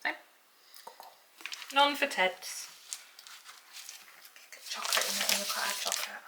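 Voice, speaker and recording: A woman's voice: mid-range voice, normal speed, pushed and bright, low-quality recording. Chatty Northern English woman vlogging at home. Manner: chatty, laughs often, mock-outraged about prices. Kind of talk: casual chat to camera. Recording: clear background noise at home.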